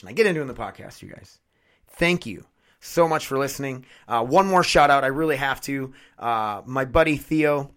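A man's voice: medium pitch, fairly bright tone. A man hosting his own podcast, rambling and swearing casually into a condenser studio mic. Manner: rambling, profane, self-mocking. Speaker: podcast host.

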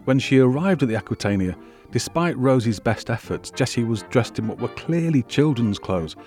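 A man hosting a history podcast, telling the story in measured, wry scripted narration. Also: mid-range voice, animated, a little mellow, soft background music. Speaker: podcast host.

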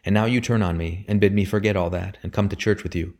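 A man's voice: low voice, steady tone, quick pace, darkish tone. A man voicing a dutiful young son who speaks formally and respectfully yet holds firm. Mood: earnest. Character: earnest dutiful young son, humble but steadfast.

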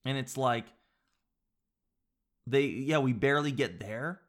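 A man's voice: medium pitch, slow pace, pauses often, a bit bright. A young man hosting a casual solo show, rambling and joking in a slangy way. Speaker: podcast host.

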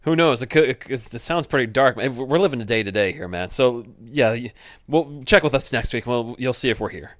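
A man's voice: medium pitch, expressive, fairly quick, few pauses, no echo, clean studio sound. A young man co-hosting a podcast, chatting casually and joking with frequent laughs. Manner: joking, laughs often, tries goofy voices. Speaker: podcast co-host. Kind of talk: casual chat.

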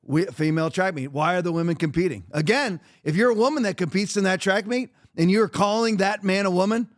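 A man's voice: high-pitched, fairly quick. A man hosting a podcast, giving blunt, emphatic and mocking commentary. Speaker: podcast host.

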